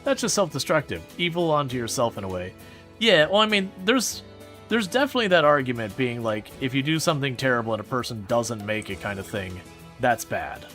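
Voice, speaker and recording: A man streaming a game and chatting with viewers in a rambling, animated way, often restarting his sentences. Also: medium pitch, fairly quick, faint music behind. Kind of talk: casual gameplay commentary answering chat.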